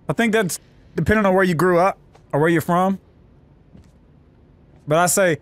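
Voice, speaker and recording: A man giving loud, joking, profane commentary while playing a video game. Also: high voice, moderate pace, pauses often, no room sound. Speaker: gameplay commentator. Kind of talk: let's play commentary.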